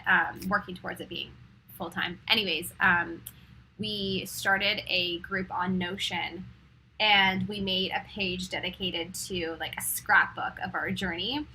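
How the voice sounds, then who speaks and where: Bright, breathy young woman hosting a meditation stream. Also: mid-range voice, rough recording. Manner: chatty and giggly, many fillers; soft and slow when guiding meditation. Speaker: host of a live-stream meditation show. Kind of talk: casual chat, then guided meditation.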